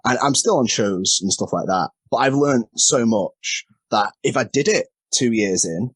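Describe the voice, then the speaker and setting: A man's voice: mid-range voice, animated, normal speed, breathy edge, dry recording. A man talking casually as a podcast guest, candid and self-deprecating, laughing often, heard over a remote call. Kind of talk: casual chat.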